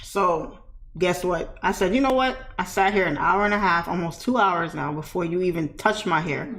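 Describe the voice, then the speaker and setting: A woman telling a story in a casual, animated way, speaking straight to her viewers. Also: on the low side, normal speed. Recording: echoey room with faint music.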